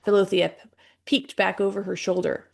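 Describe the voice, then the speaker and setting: A woman narrating an audiobook in a measured, gentle storytelling manner. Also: medium pitch, level tone, vocal fry. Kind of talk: scripted narration.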